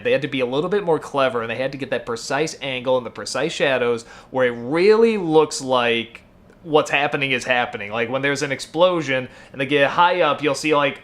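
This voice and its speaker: A man's voice: mid-range voice, a bit bright. A man in his thirties hosting a web show, talking casually and loosely with lots of fillers, getting worked up over small moments. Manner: rambling, full of fillers and self-corrections, gets worked up about small things. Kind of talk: casual unscripted talk to camera.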